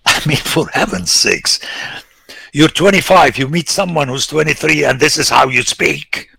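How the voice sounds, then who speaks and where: A man, a priest, giving an emphatic biblical lecture, swinging between loud exclamations and hushed whispers. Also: on the high side, lively intonation, gravelly, breathy edge, dry recording. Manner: slow, deliberate, rhetorical.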